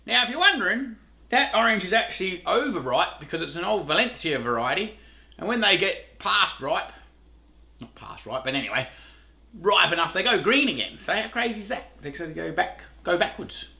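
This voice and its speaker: A man's voice: high-pitched, sing-song, normal speed, vocal fry, sharp tone, echoey room. A middle-aged Australian man hosting a home cooking show, chatting casually to camera, rambling, laughing at himself and swearing lightly.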